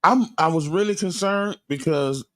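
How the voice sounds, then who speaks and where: A man with a somewhat high voice co-hosts a casual radio talk show. He speaks emphatically, circles back over his points, and breaks into laughter. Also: normal speed. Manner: emphatic, repeats himself, laughs. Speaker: co-host. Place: radio studio.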